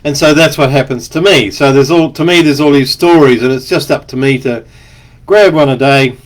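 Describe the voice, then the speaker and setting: A man's voice: mid-range voice, normal speed. A man, an author, talking in a rambling, chatty monologue, stopping now and then to cough. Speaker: author and speaker. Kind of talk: casual spoken monologue.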